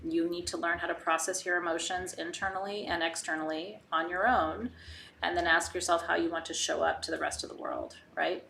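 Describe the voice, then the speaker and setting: A woman's voice: on the low side, lively intonation, brisk, creaky, bright, forceful tone, slight background noise. A woman hosting a live online spiritual session, talking casually and candidly with her viewers. She asks rhetorical questions and often adds a "right?". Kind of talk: casual live-stream teaching, reading viewer comments.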